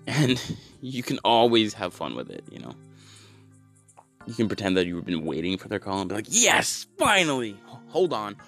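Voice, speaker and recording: Male stand-up, low-ish voice, lively delivery, conspiratorial. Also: moderate pace, gravelly, long pauses, soft background music. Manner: casual and conspiratorial, acts out scenes. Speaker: comedian. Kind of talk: stand-up comedy bit.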